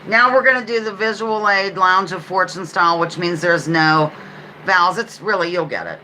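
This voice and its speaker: A woman's voice: lowish voice, normal speed, sharp tone, slight background noise, rough recording. A woman hosting a casual live-stream trivia game, reading out questions and answers with playful asides. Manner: chatty, playful asides, reads questions aloud. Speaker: livestream trivia host.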